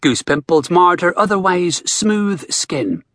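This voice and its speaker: A man narrating a novel as an audiobook, in an expressive storytelling manner. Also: fairly high pitch, unhurried, husky, dry recording, clean studio sound. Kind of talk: scripted narration.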